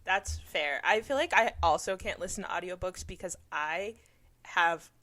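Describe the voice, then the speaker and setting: Woman, book podcast co-host, blunt, casual, swears offhand, lowish voice. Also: normal speed, bright, forceful tone.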